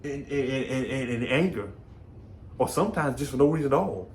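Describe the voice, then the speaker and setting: A man's voice: mid-range voice, normal speed. A man from Brooklyn, New York, giving a casual, folksy faith talk, often repeating words as he thinks. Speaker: faith vlogger.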